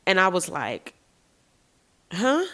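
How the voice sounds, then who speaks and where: Speaking slowly in a lowish voice, this podcast host shares her own story with candor, addressing her audience as y'all and cursing casually. She comes across frank and expressive, captured on a podcast mic.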